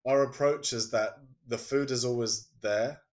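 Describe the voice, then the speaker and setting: A man's voice: medium pitch, steady tone, a little mellow. Man telling a parenting story casually. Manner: storytelling, acting out quoted speech; halting, restarts sentences. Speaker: podcast guest. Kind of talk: casual conversation.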